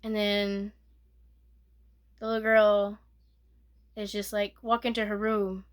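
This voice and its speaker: A woman giving a soft-spoken ASMR movie recap, rambling and correcting herself, sometimes dropping to a whisper. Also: mid-range voice, monotone, slow. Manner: rambling, self-correcting retelling with filler "like". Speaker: movie reviewer.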